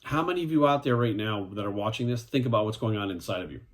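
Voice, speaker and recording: A man's voice: on the low side, lively intonation, fast talker. A man in his forties, a fitness coach, ranting bluntly in a vlog, swearing often and asking "right?" after his points. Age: 40s. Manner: profane, emphatic, repeats "right?".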